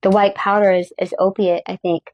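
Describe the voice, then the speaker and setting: A woman's voice: medium pitch, little pitch movement, brisk, a little mellow. A woman hosting a casual tarot reading, blunt and given to swearing as she reads lists aloud. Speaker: host, tarot reader. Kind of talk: casual chat.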